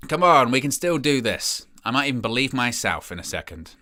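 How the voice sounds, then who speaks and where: A man's voice: medium pitch, big pitch swings, brisk, bright, forceful tone. A young man hosting a live football watch-along, rambling and glum about his team's play. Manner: dejected, rambling, self-mocking. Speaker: match watch-along host.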